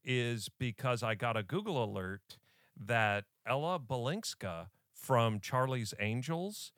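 A man's voice: medium pitch, animated, slow, a bit bright, smooth, no room sound, clean studio sound. A man hosting a podcast in casual chat, jokey and often laughing. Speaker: podcast host.

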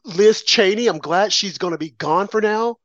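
A man's voice: high-pitched, moderate pace, a bit bright, no echo, muffled recording. A man ranting about politics in a combative, preachy and emphatic way. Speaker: political commentator. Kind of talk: opinionated political rant.

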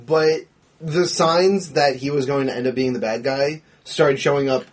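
A man's voice: mid-range voice, normal speed. A man in casual movie talk, walking through the plot in long rambling runs.

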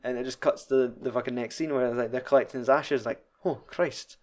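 A man's voice: mid-range voice, steady tone, fast, a little mellow. A young man with a Scottish accent chatting casually about a film, swearing freely and laughing often. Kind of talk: casual chat.

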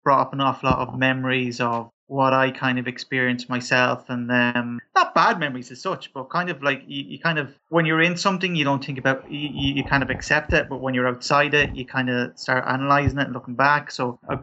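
An Irish man speaks in a casual podcast discussion, stumbling through ums and restarts. His voice is bright and forceful, sitting at a middling pitch. The recording sounds dull and lo-fi. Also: steady tone, fairly quick, hardly any pauses. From Ireland. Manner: hesitant, many ums and restarts. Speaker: podcast panelist.

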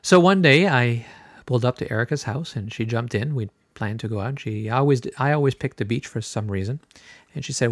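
A middle-aged man hosting a podcast, telling a personal story in a relaxed, chatty way with many filler words. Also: mid-range voice, brisk, no room sound. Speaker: podcast host.

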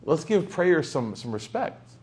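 A young man giving a casual, humorous sermon, telling stories with sudden loud bursts. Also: fairly high pitch, sing-song, a little slow. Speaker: Islamic speaker.

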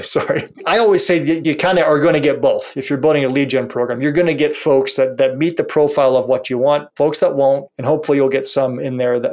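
A man's voice: mid-range voice, gravelly. A middle-aged man co-hosting a business podcast, talking casually with restarts and short laughs. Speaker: podcast co-host.

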